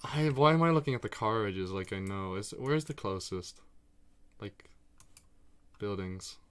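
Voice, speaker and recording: While playing a geography guessing game on a live stream, a man swears freely and talks casually and excitably to himself and his audience. His smooth, unhurried voice sits on the low side.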